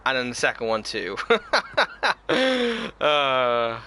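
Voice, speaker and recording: A man's voice: medium pitch, very animated, drawn-out words, bright, forceful tone. A man chatting casually on a live game stream, reading viewer comments aloud and answering them. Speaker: gaming streamer.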